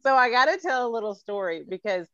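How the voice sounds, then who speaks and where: A woman's voice: fairly high pitch, animated, quick pace, a bit bright, no room sound, dull audio. A middle-aged woman hosting a podcast in casual chat, playful and teasing, laughing often. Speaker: podcast host.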